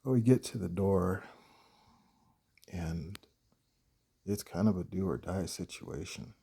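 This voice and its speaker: A man, a horror writer, telling a personal story in a halting, hesitant way with many pauses. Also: low voice, gravelly, mellow, husky.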